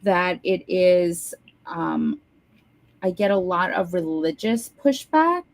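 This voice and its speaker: A woman's voice: lowish voice, big pitch swings, slow. Woman co-host telling a story. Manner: earnest storytelling, acts out quoted voices. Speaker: podcast co-host, spiritual guide. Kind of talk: casual chat.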